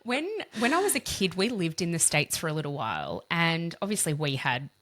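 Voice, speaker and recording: An Australian woman with a slightly low voice talks through a podcast in easy, chatty conversation. She laughs often. The recording is close and dry with no room around it. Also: big pitch swings, a little fast, fairly bright tone, no echo. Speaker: podcast co-host. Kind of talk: casual chat.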